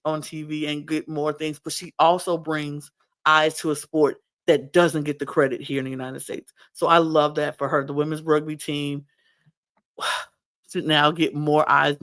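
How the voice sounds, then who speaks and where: A woman co-hosting a casual podcast, animated and emphatic, often stressing her points with a firm final word. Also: low-pitched. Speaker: podcast co-host. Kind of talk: casual chat.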